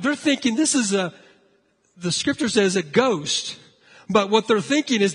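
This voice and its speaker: A man preaching a sermon, telling a story with lively acted-out voices. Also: high-pitched, normal speed, husky, long reverb tail. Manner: animated storytelling, acting out frightened voices. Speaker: pastor.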